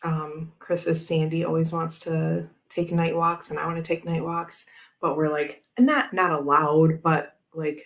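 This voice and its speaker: A woman's voice: sits low, little pitch movement, a little slow, creaky. Rambling chatty woman host. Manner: rambling, filler-heavy storytelling with frequent laughs. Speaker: tarot channel host. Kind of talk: casual chat.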